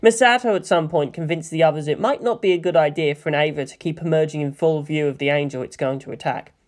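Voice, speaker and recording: A man narrating a fan fiction story in a steady, measured reading. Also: fairly high pitch. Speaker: fanfiction reader. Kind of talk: scripted narration.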